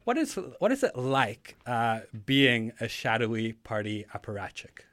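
A man's voice: mid-range voice, measured pace. A man co-hosting a podcast in casual chat, rambling with lots of fillers and restarts. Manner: relaxed, rambling with many fillers. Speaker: podcast co-host.

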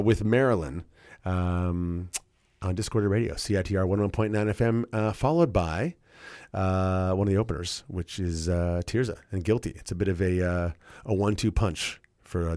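A man with a lowish voice hosts a campus radio show from the studio. He chats casually, trailing off and correcting himself as he goes. His close mic gives a dry, deadened sound. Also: no echo. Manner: relaxed, rambling, with many fillers and self-corrections.

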